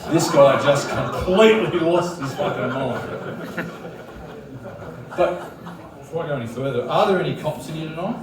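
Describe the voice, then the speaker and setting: A man's voice: a little high, moderate pace, long pauses, a crowd in the background. A man with an Australian accent doing a crude, swaggering stand-up set on a comedy club stage. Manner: crude, swaggering bikie persona. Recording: very echoey room, distant, noisy.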